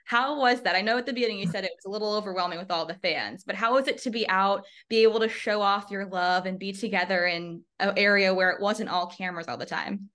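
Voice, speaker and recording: Bright, crisp woman entertainment interviewer, friendly and upbeat. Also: medium pitch, fairly even intonation, fast, few pauses.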